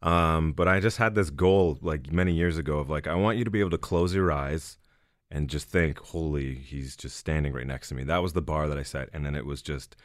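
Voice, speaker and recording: A man's voice: rumbling low, fairly quick, dry recording, clean studio sound. A man who is a comedian and impressionist, chatting enthusiastically on a radio show and laughing at himself. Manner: enthusiastic, laughing, self-mocking. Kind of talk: casual radio interview chat.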